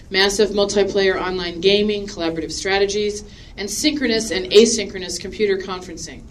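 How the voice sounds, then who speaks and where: A woman's voice: mid-range voice, slight background noise, poor audio. Woman formally introducing a speaker. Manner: measured, formal, read from notes. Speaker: session moderator introducing the speaker. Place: conference hall.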